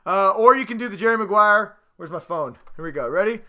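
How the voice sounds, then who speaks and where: A man hosting a casual sports vlog at home, boastful, excitable and rambling as he talks to the camera. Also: high-pitched, fairly quick, few pauses. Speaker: host.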